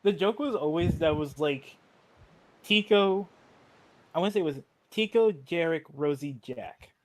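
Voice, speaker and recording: A man playing at a tabletop game, talking in a halting, rambling way and repeating himself. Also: a little high. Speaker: player. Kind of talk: casual chat at a game table.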